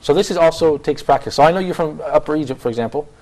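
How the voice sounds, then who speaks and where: A man hosting a casual panel talk show, chatty and quick, often restarting his sentences. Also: on the high side, darkish tone. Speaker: host.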